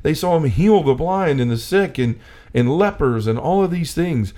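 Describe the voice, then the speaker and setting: A man co-hosting a casual faith talk, speaking with animated energy and often acting out quotes. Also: fairly high pitch, moderate pace. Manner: animated, acts out quotes, many restarts. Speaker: co-host.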